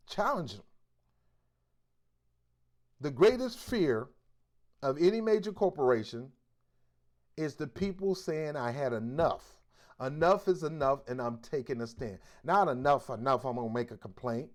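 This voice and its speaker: A male host giving preachy commentary in a forceful, exhorting way, with blunt street slang. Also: sits high.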